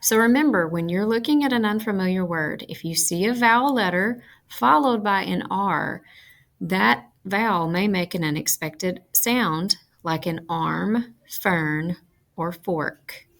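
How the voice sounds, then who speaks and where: A woman teaching a phonics lesson, speaking slowly and carefully and enunciating each sound. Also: medium pitch, expressive, creaky, fairly bright tone. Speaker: reading teacher.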